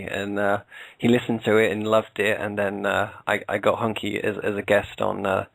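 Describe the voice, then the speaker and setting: A man's voice: fairly low pitch, level tone, normal speed, vocal fry, fairly bright tone, no room sound, low-quality recording. A British man, a podcast co-host, chatting casually as an interview guest, hesitant with many fillers and restarts. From England.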